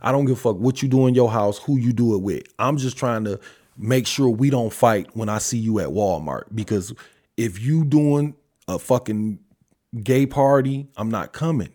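A man's voice: medium pitch, normal speed, warm tone. A man hosting a podcast, talking alone in a blunt, heavily profane rant full of rhetorical questions. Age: adult father. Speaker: podcast host. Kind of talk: solo opinion monologue.

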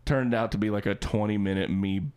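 Low-voiced profane man telling stories. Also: steady tone, fairly quick, darkish tone, clean tone. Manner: profane, joking storyteller. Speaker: co-host. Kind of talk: casual storytelling chat.

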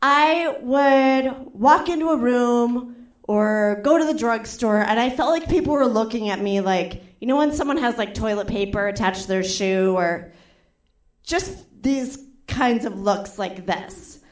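A young woman doing stand-up, telling a story in a chatty, animated way and acting out the other people's lines. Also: on the high side, a little slow, echoey room. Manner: animated, acts out quotes with voices, frequent "like". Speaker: stand-up comedian.

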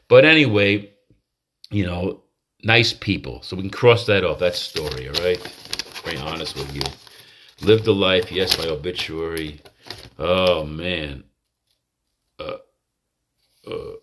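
A man's voice: deep voice, a bit bright, slight background noise. A man hosting a podcast, talking in a rambling, confessional monologue full of restarts, in a manic state. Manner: rambling, confessional, self-interrupting. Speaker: podcast host.

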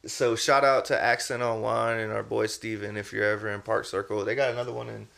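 A man's voice: lowish voice, little pitch movement, brisk, gravelly, fairly bright tone. Laid-back rambling male podcast host. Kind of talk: casual chat.

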